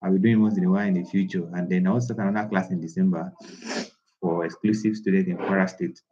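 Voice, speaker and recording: A man's voice: low-pitched, fairly even intonation, fast, dark tone, lo-fi sound. A man who coaches traders in a casual live class, talking in an emphatic, repetitive, preachy way. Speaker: trading coach.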